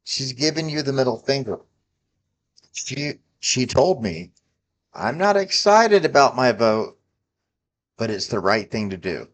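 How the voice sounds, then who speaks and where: A man's voice: medium pitch, sing-song, measured pace, long pauses. A man in his forties ranting about politics, heated and profane, scolding his listeners. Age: 40s. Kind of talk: angry political rant to camera.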